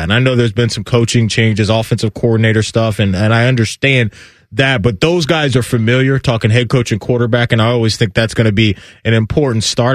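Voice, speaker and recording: A man's voice: mid-range voice, no room sound, clean studio sound. Emphatic man hosting sports radio. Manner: energetic, emphatic, addresses co-hosts by nickname. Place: radio studio.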